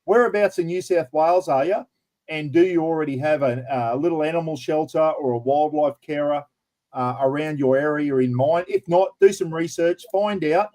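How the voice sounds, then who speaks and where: A man with an Australian accent hosting a casual livestream chat and prize draw, matey and quick to laugh. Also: a little high, darkish tone. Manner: chatty, matey, laughs easily. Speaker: livestream host.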